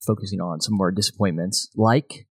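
A man hosting a podcast in casual chat, relaxed and saying "you know" often. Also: low-pitched, fairly quick, breathy edge, no room sound. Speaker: podcast host.

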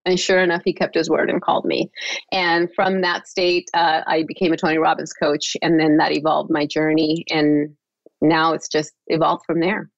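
Woman guest telling her story, lively, keeps laughing, dull lo-fi dry sound. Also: low voice, creaky, no room sound. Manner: lively, laughs often, repeats words in quick restarts. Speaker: podcast guest. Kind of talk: personal storytelling in an interview.

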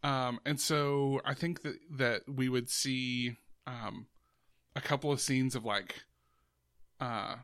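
A man's voice: mid-range voice, steady tone, slow pace, a bit bright, clean tone, dry recording. Guy chatting casually, lots of ums and restarts, dry close sound. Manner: rambling, many fillers and restarts. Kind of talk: casual chat.

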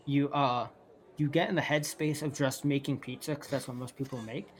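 A man's voice: medium pitch, fairly even intonation, moderate pace. Man, tabletop game master, casual rambling narration. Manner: rambling, with filler words and restarts.

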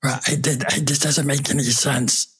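A man playing a young patient with a damaged, raspy, strained voice in a comedy sketch. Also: mid-range voice, level tone, normal speed, a bit bright. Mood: pleading. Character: young man with a ruined croaky voice.

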